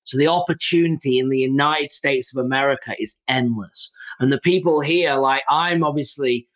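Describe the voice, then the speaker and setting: A man's voice: mid-range voice, moderate pace, a bit bright. A man from England with an English accent, hosting an interview in a chatty, loose way with lots of fillers and restarts. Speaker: podcast host. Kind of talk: casual interview chat. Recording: dull lo-fi audio.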